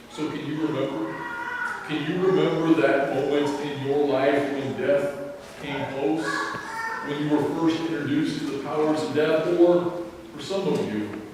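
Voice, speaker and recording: A male pastor giving a sermon, telling a personal story in an earnest, deliberate way. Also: mid-range voice, darkish tone, slight background noise. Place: church sanctuary. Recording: echoey sanctuary, mic at a distance.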